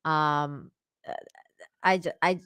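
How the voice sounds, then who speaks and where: A woman guest talks bluntly and with emphasis, swearing freely in a fairly low voice. Her sound is dry and close to the mic. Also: steady tone, slow, a bit bright, smooth, no echo. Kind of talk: casual commentary chat.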